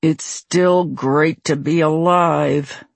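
A woman's voice: medium pitch, lively intonation, very slow, dry recording. A woman reading the short lines of a lazy middle-aged cartoon father. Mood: grumbling.

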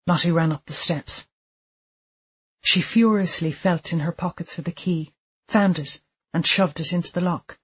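A woman reading a dark thriller audiobook aloud, measured and deliberate, with quiet tension. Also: lowish voice, slightly rough. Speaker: audiobook narrator. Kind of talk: scripted narration of a dark thriller.

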